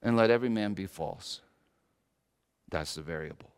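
A pastor preaching a sermon, swinging between loud exclamations and hushed asides. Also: male voice, sits low, moderate pace, clean tone. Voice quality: slight whistle on a false tooth. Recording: long echoing hall reverb.

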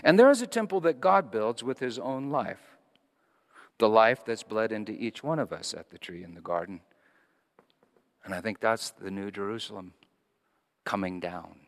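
A middle-aged pastor delivers a sermon in a conversational, storytelling style, frequently restarting his phrases. His voice is fairly low and animated, at a normal speed with frequent pauses. The recording carries the long reverb of a large hall.

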